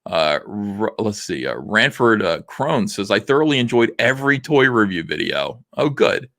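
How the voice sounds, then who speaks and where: A man's voice: lowish voice, very animated, moderate pace, fairly bright tone, no echo, studio quality. A man hosting a casual livestream, reading viewer comments aloud and answering them with frequent "uh" fillers. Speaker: livestream host reading chat.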